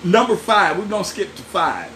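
Lively, animated man preaching. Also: sits high, moderate pace, a little hiss or hum. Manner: lively, folksy preaching with laughs and asides to listeners. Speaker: pastor. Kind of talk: sermon.

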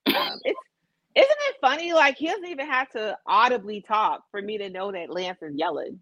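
A woman's voice: mid-range voice, big pitch swings, normal speed, fairly bright tone, no echo. Wry, teasing woman on a dull lo-fi line. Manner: wry, teasing, laughs often. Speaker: co-host. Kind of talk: casual podcast banter. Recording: slightly dull lo-fi sound.

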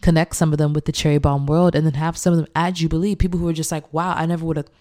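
A young woman chef, animated and laughing often as she acts out quoted speech in a casual interview. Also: deep voice, very fast. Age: young adult.

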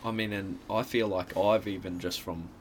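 A man's voice: deep voice, steady tone, moderate pace, a little hiss or hum. A young Australian man co-hosting a podcast, giving dry, laconic, teasing replies in casual chat. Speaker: podcast co-host and son.

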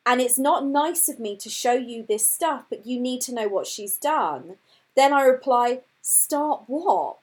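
Animated, husky woman telling a story. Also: sits high, measured pace. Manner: animated storytelling, reading out text messages. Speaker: podcast host telling her dating story. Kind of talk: casual chat.

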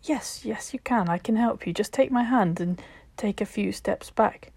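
Brief: woman reading anxious young man in a storybook, soft and pleading, dry close sound. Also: mid-range voice, normal speed, gravelly, breathy edge, dry recording.

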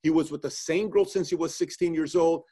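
A man hosting an interview, telling stories in a lively, animated way and acting out what people said. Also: fairly high pitch, brisk. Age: adult, former soldier. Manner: animated storyteller, acts out quotes. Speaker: interview host. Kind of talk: casual interview conversation.

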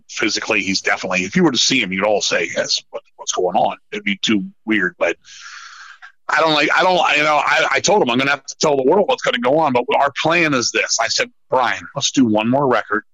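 A middle-aged man telling stories in a casual podcast chat, swearing often and rambling in an animated way. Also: mid-range voice, brisk, dry recording, rough recording. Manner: profane, animated, rambling storyteller. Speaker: podcast guest, metal musician.

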